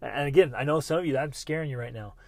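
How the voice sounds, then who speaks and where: Earnest, animated male podcast host. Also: mid-range voice, rapid-fire, no echo. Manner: earnest and animated, with bursts of excitement. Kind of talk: motivational podcast monologue.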